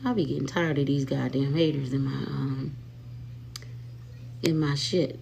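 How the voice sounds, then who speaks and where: A woman's voice: extremely low pitch, steady tone, measured pace, creaky, a little mellow, slight background noise. A woman hosting a casual livestream, chatty and sassy, who often calls her viewers y'all and honey. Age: adult with children. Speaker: livestream host. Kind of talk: casual live-stream chat.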